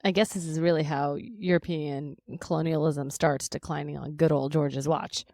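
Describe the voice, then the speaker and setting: A woman's voice: low voice, steady tone, darkish tone, dry recording, clean studio sound. Chatty, curious podcast woman. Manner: curious, teasing questions, quick and chatty. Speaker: podcast co-host. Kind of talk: casual podcast chat.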